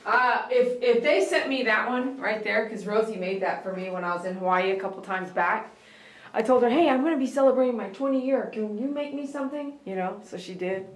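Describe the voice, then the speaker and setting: A woman's voice: fairly high pitch, a little fast. Emotional woman in an echoey room. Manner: emotional, tearful, laughing. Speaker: host of a pet grooming channel. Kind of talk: live stream, opening gifts.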